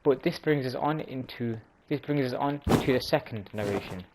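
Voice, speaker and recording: A man's voice: mid-range voice, normal speed, very noisy. A man hosting a religious video, explaining sayings in an informal way, often restarting and correcting himself. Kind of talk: casual explanatory talk.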